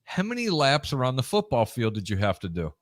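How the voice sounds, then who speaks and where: A middle-aged man co-hosting a casual sports chat, telling lively stories about his school days over a video call. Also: mid-range voice, brisk. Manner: animated storyteller, acts out shouting coaches. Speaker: co-host.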